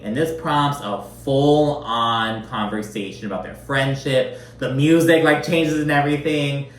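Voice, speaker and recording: A man giving a casual, animated recap, swearing often and acting out quotes in mocking voices. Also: a little high, a little slow, few pauses, echoey room. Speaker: recap commentator. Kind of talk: casual reality-show recap.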